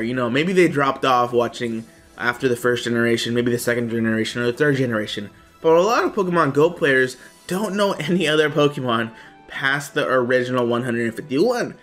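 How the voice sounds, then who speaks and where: A man's voice: fairly high pitch, a bit bright. Chatty man hosting a gaming vlog. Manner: chatty, upbeat, rambling asides. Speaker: gaming video host. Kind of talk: casual chat to camera.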